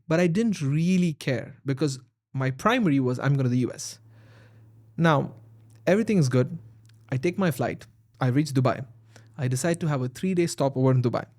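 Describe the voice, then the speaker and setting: Fast-talking Indian man telling stories. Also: mid-range voice. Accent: Indian English. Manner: animated storyteller acting out dialogue. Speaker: guest, founder. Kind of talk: storytelling in a podcast interview.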